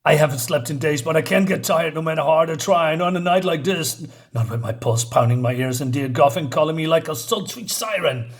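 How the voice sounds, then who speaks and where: A man's voice: a little high, brisk, lightly acted. A man voicing a manic, sleepless male vigilante, reading his brooding comic-book monologue aloud.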